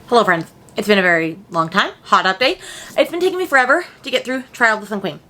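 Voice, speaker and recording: A woman's voice: medium pitch, very animated, quick pace, background noise. A woman, chatting casually at home in a book vlog, rambling and full of slang. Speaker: book vlogger.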